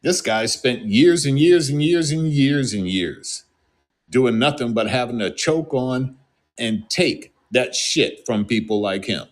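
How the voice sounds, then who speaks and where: A man's voice: medium pitch, expressive, unhurried. A man from the United States on an angry, scolding, profane rant.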